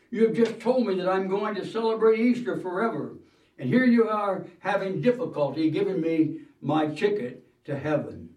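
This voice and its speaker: A man voicing an elderly woman, a cheerful devout patient, in a fervent, drawn-out scolding manner. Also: high-pitched, a little mellow. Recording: roomy hall, mic at a distance.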